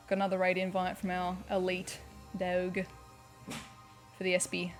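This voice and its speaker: A woman's voice: lowish voice, completely flat delivery, moderate pace, faint music behind. A young Australian woman livestreaming a video game, rambling casually and filling her talk with "like" and "um". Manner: chatty and rambling, heavy on "like" and "um". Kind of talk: casual chat while playing a video game.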